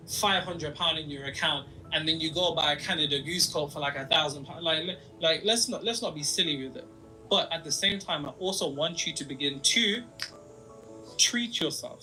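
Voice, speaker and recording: Fields: Sex: man. Style: earnest motivational talk. Pitch: slightly high. Tone: bright. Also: poor audio. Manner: earnest, repeats and restates his points. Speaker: motivational vlogger. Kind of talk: motivational monologue.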